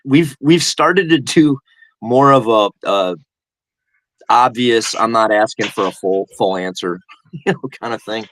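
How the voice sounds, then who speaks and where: A man's voice: mid-range voice, a little slow, fairly bright tone, a little hiss or hum. A man chatting casually on a live stream, rambling and laughing often. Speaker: guest co-host.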